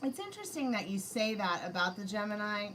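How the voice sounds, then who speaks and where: A woman's voice: mid-range voice, sing-song, a little fast, fairly bright tone, slight background noise, low-quality recording. A woman giving a live-streamed tarot reading, chatting casually and addressing spirits and her chat directly. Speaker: tarot reader. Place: her home.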